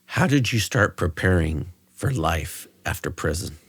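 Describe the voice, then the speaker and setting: A man's voice: low voice, animated, a little slow, husky, no room sound. A man hosting a podcast interview, putting short questions to his guest and answering with brief words of agreement. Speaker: podcast host. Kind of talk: casual interview.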